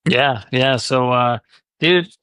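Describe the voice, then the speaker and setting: Dry-voiced man telling a lively story. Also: mid-range voice, slow pace, clear, resonant tone, dry recording. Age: adult, divorced four years ago. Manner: animated storyteller, acts out quoted voices. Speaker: podcast host. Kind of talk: casual podcast chat.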